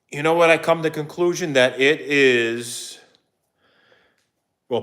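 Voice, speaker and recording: A middle-aged man, chatting casually and at length on a live stream, rambling and poking fun at himself. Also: medium pitch. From New Jersey. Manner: rambling, self-mocking, jumps into excited put-on voices. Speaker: vlogger doing a live stream.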